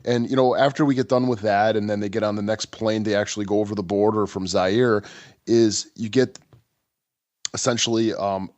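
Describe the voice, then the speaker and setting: A man's voice: on the low side, fairly even intonation, moderate pace, a little mellow, no room sound, muffled recording. A man co-hosting a film podcast, recounting scenes in a rambling, hesitant way with frequent amusement. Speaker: podcast co-host. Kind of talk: casual film review chat.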